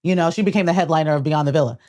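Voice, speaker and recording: A woman's voice: sits low, racing, mellow. A woman co-hosting a casual reality TV recap, opinionated, with slangy asides. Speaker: podcast co-host.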